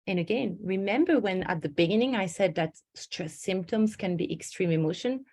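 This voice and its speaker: Middle-aged woman coach, lively storytelling webinar delivery. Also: medium pitch, moderate pace. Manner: animated storytelling with acted inner voices. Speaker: stress management coach. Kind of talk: webinar presentation.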